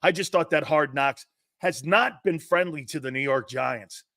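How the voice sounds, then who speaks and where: A man's voice: fairly high pitch, moderate pace, creaky, bright, forceful tone, no echo, studio quality. A man hosting a sports talk show, giving brash, mocking opinions and laughing often.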